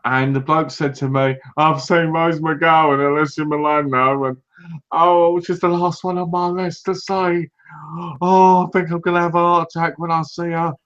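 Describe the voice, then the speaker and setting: A British man co-hosting a casual podcast, telling lively anecdotes and acting out what other people said. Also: on the high side, normal speed, smooth. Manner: animated anecdotes, acts out other people's lines. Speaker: podcast co-host. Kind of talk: casual chat, storytelling. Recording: dull lo-fi recording.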